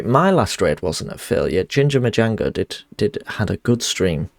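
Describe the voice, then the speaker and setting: A man's voice: on the low side, very animated, normal speed, vocal fry, few pauses, no echo. A man streaming a game, chatting casually in a rambling, sweary way that often corrects itself.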